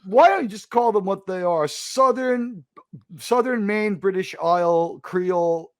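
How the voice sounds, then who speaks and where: An American man hosting a casual online panel, joking around with quick asides and loud bursts. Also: high voice, no room sound. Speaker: panel host.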